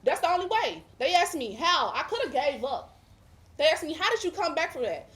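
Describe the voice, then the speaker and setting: A woman's voice: sits high, very animated, fairly quick, fairly bright tone. A woman guest giving a religious testimony, speaking emphatically with preacher-like repetition. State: emotional, near tears at times.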